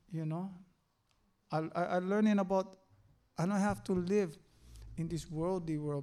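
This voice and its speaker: An older man giving a personal faith testimony, halting and earnest, with many fillers. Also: fairly high pitch, darkish tone. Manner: halting, earnest, full of "you know" fillers.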